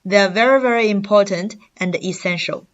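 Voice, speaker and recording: A woman teaching a language lesson, speaking slowly and carefully and sounding out syllables for learners to repeat. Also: medium pitch, muffled recording. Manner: slow, careful delivery, demonstrating syllables aloud for repetition.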